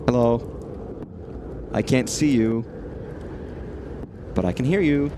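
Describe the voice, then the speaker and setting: A medium-pitched, expressive man speaks at an unhurried pace against a noisy background. Streaming a horror game, he rambles casually, swears freely, and talks back to what's on screen.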